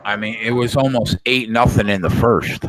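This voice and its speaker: Calm, measured man reading sports news. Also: medium pitch, low-quality recording. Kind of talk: casual sports betting chat.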